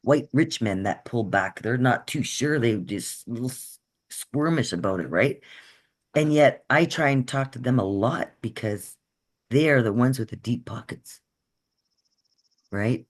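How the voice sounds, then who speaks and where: A woman's voice: very deep voice, expressive, a little slow. Woman guest speaker on a video call; earnest, conversational, checks in with the room. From Canada. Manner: earnest, checks in often with "right?". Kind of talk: conversational workshop talk.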